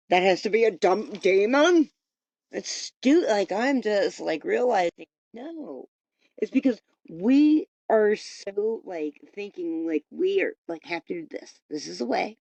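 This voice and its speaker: Gravelly, rambling woman podcaster. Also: medium pitch, a little mellow, no echo. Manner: rambling, swearing, motivational. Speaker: podcast host. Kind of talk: casual spiritual pep talk. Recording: dull lo-fi recording.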